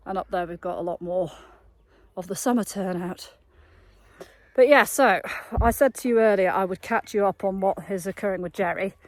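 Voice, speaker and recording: A woman's voice: medium pitch, darkish tone, no room sound. A woman, chatting casually in a vlog as she walks her horse fields outdoors in the evening. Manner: chatty and upbeat, coos at the horses. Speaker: equestrian yard owner and riding coach. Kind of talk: casual walking vlog chat.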